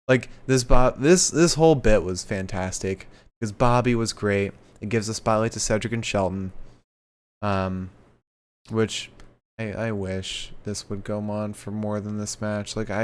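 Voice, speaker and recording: A young man co-hosting a podcast, chatting casually through a wrestling recap and acting out the quotes with animated put-on voices. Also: lowish voice, smooth. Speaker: podcast co-host.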